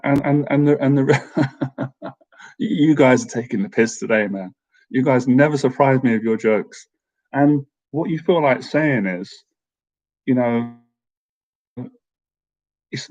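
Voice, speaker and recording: Chatty man with a mellow voice. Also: medium pitch. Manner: rambling, chatty, laughs often, addresses viewers directly. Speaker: live-stream host answering viewer questions. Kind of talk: casual live-stream chat.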